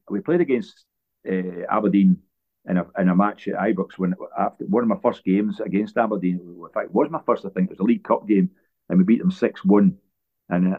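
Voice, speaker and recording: A Scottish former footballer tells long stories in a relaxed interview, often restarting his sentences as he goes. His voice sits very low. The sound is thin and phone-like. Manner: rambling anecdotes with frequent restarts. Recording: tinny phone-like line.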